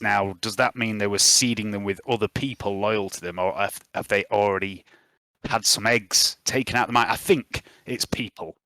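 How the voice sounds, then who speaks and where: A man with a low, bright, forceful voice chats casually as a tabletop player, musing through his options out loud. The sound is close and dry. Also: dry recording. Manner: musing, thinking aloud. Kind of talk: casual game chat.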